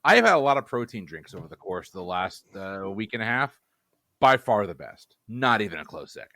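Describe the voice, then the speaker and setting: Man hosting a trivia podcast, low pitch, animated delivery, jokey, dry close sound. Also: brisk, dry recording. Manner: jokey, playful introductions. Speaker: quiz show host. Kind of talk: casual podcast chat.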